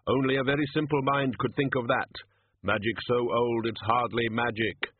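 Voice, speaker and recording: A man voicing Death, a solemn skeletal figure who speaks in slow, measured pronouncements. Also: mid-range voice, steady tone, husky, no room sound, lightly acted. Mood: grave. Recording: narrow phone-like sound.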